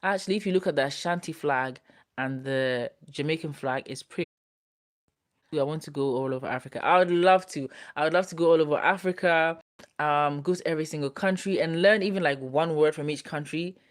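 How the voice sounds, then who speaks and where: Brief: young woman hosting a live stream, relaxed and chatty, reads out viewer comments. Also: sits low, a little fast. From United Kingdom. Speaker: host reading viewer comments. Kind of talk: casual live-stream chat.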